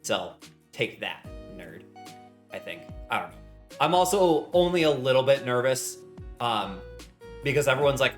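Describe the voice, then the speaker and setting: A young man chats live from his home kitchen as he bakes, his voice bouncing up and down with lively swings. He rambles happily and greets viewers with strings of hellos. Faint music sits underneath. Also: mid-range voice, moderate pace. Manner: bubbly, rambling, greets chat warmly with repeated hellos. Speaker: streamer. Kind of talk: casual live-stream chat while baking.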